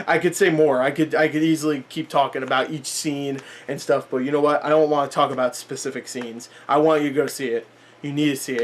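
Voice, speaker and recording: A man with a fairly high voice reviews a film straight to camera in a casual way. He talks emphatically, pleading with the viewer again and again, and his voice sounds a little hoarse and worn. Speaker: movie reviewer.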